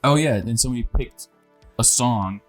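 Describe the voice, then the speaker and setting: A man's voice: medium pitch, moderate pace, faint music behind. A young man co-hosting a podcast, telling a story in a laid-back casual chat. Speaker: podcast co-host.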